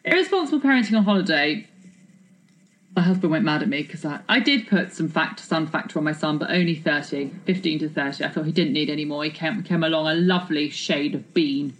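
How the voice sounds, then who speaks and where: A woman chats in a lively, self-mocking way, spinning anecdotes with a slightly low voice. Her talk rambles happily from one story to the next. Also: fairly quick, a little hiss or hum, poor audio. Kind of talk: casual chat.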